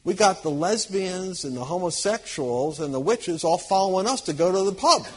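A man preaching to a live audience, telling lively anecdotes, acting out quoted people and chuckling as he goes. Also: high voice, moderate pace, a little hiss or hum. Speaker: Christian conference speaker. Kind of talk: storytelling sermon to a live audience.

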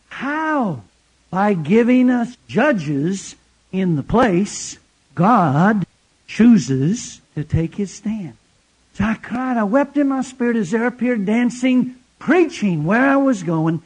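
Man, preacher, very high voice, emphatic sermon delivery, rhetorical questions. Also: very animated, takes it slowly, breathy edge.

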